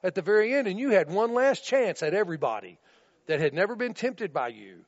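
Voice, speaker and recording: A man's voice: sits high, very animated, fairly quick, full character voice. A man voicing God, firm and sure. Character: God, a firm male deity answering Satan. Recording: dull recording with long reverb.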